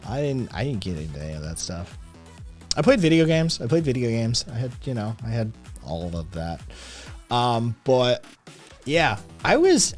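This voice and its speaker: Man hosting a stream, loose swearing chatter, soft music underneath. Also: lowish voice. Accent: slight Southern drawl at times. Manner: rambling, profane, answers chat. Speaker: podcast host. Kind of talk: casual livestream chat.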